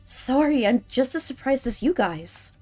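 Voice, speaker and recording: A woman's voice: high-pitched, animated, measured pace, a little mellow, soft background music, voice pushed up. A woman doing a flustered, defensive young man. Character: nervous young man protesting innocence.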